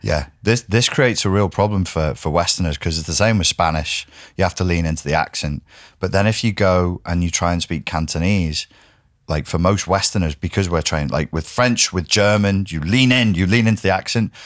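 Deep-voiced middle-aged guy hosting a podcast, chatty, dry close sound. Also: moderate pace, no echo. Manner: lively, playful with imitated foreign phrases. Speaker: podcast host. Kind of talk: casual conversation.

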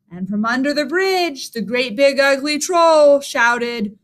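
Bright, slow storytime reader. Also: female voice, sits high. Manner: expressive, invites listeners to join in. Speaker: children's storyteller. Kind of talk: children's storytime reading.

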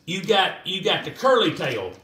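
A fishing vlogger gives a casual how-to at normal speed, his high voice lively and rambling as he talks to viewers as "y'all." The room is echoey, his voice a bit off-mic from a distance, with faint noise.

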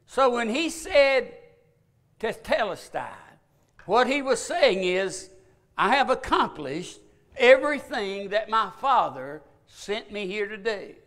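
An older man with a Southern American accent, preaching a sermon as pastor, with sudden loud rises and long pauses. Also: high voice.

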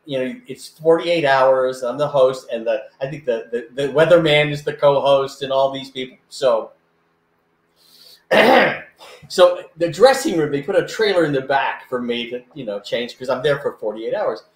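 An older man telling a lively anecdote in a casual chat, acting out other people's voices as he goes. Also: medium pitch, normal speed, roomy sound. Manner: animated, acts out voices in anecdotes. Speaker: guest.

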